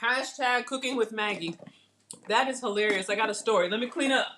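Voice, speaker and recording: A woman's voice: medium pitch, fast, slight background noise. Middle-aged woman, casual live cooking host, bubbly and chatty. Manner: chatty, excitable, talks while eating.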